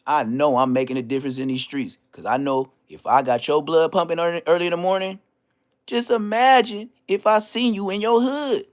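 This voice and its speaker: A man's voice: a little high, brisk. A middle-aged man, boasting and taunting his critics in a vlog rant full of street slang. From Inglewood, California. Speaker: vlogger. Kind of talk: trash-talking vlog rant.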